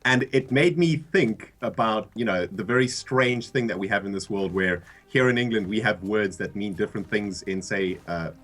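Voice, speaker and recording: A man's voice: lowish voice, moderate pace, few pauses. A man from South Africa with a South African accent, co-hosting a livestream and telling a story in casual chat. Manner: animated storyteller, laughs often, restarts. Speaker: co-host of a game livestream.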